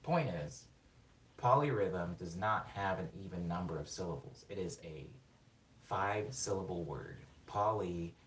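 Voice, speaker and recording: A man on a live production stream, excitedly explaining rhythm while rambling and interrupting himself, sometimes singing words on the beat. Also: low voice, moderate pace, slight background noise. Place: home studio during a live production stream. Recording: roomy room sound, mic at a distance, faint music.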